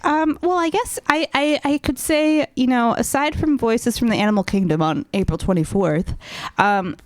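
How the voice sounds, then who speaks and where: A woman radio host answering questions in casual chat, animated and rambling with ums. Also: a little high, normal speed, no room sound.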